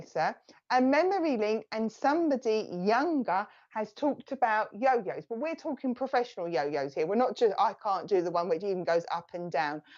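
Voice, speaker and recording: A woman's voice: mid-range voice, darkish tone. Chatty Essex woman medium, lo-fi sound. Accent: Essex English. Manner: chatty, reassuring, relays messages from spirit. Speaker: psychic medium. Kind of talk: live psychic reading to viewers.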